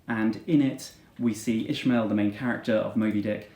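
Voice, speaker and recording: A man's voice: fairly low pitch, fairly even intonation, moderate pace, dark tone, reverberant. A man teacher giving a dramatic reading of a classic novel, putting strong emphasis on the characters' lines.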